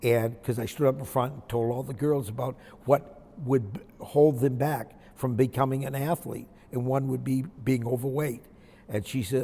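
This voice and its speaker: A man's voice: medium pitch, fairly even intonation, moderate pace, vocal fry, mellow, long reverb tail. An older man from Maine, a retired basketball coach, telling folksy, reflective stories from his career in an interview. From Maine, USA. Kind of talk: interview storytelling.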